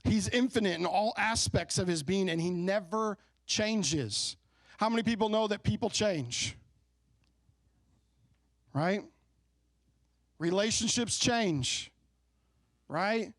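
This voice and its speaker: Man, pastor, conversational sermon, slightly high voice, dry close sound, engages congregation with questions. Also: slow pace, pauses often, no echo. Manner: conversational storytelling preacher, asks the congregation questions. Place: church sanctuary.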